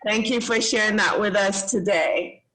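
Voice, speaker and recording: A woman's voice: mid-range voice, normal speed, a bit bright, low-quality recording. A Jamaican woman hosting a casual lesson for children, upbeat and encouraging, praising them often. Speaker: host teaching children. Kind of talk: casual teaching chat.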